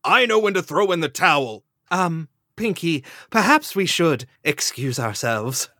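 Brief: prim, refined cartoon unicorn lady, lively pitch, played by a host, dry sound. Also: unhurried, dry recording, heavily acted. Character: refined, fussy female unicorn pony.

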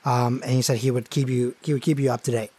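A man's voice: mid-range voice, flat delivery, fast talker, dark tone, husky. Man narrating as a casual game master. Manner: casual, filler-heavy narration.

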